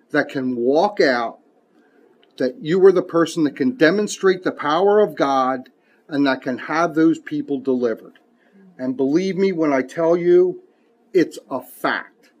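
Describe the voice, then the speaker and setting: A man's voice: fairly high pitch, a little mellow, highs cut off. A man preaching a sermon who reads scripture aloud emphatically and mixes in folksy, casual asides.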